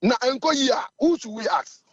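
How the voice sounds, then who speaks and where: A Ghanaian man with a hoarse voice, the chairman of a supporters' group, talking in an assertive, fiery way in an interview. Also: very high voice, animated, brisk, a bit bright, no room sound, muffled recording.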